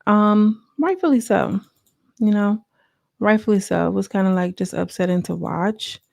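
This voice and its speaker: Chatty woman reviewer with a fry-edged, gravelly voice, loose and full of fillers. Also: medium pitch, normal speed, dry recording, studio quality. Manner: chatty, filler-heavy, animated asides. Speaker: YouTube reality-show reviewer. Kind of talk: casual reality TV recap.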